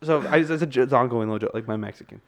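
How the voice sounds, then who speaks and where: A man's voice: medium pitch, rapid-fire, a little hiss or hum. A young man co-hosting a podcast, telling rambling stories in casual chat, laughing and swearing along the way. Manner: rambling storyteller, laughs often, curses. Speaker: podcast co-host.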